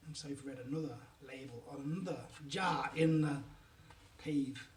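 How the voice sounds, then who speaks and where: A man's voice: medium pitch, normal speed. A man reading a children's book aloud, with chatty asides to listeners. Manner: animated, lots of asides to listeners. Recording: echoey room, mic at a distance.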